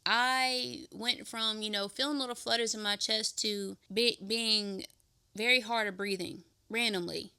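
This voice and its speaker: A woman's voice: a little high, fairly even intonation, measured pace, sharp tone, smooth, no room sound. A young woman telling her personal testimony as a podcast host, candid and rambling with fillers and restarts.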